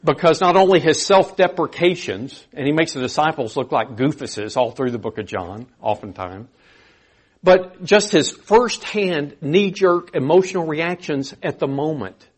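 A man preaching a sermon in an earnest, conversational way, with animated emphasis. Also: fairly high pitch, unhurried, slightly rough.

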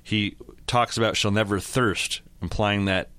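A man in his forties co-hosting a casual Bible discussion, explaining his points in a measured way. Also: on the low side, steady tone, pushed and bright, clean tone, no echo. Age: 40s. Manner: measured, explanatory, agrees often. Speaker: co-host.

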